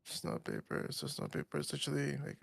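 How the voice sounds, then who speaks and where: A tired man chatting casually about a game, rambling with halting restarts. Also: medium pitch, huge pitch swings, creaky, no room sound, clean studio sound. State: exhausted. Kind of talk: casual chat.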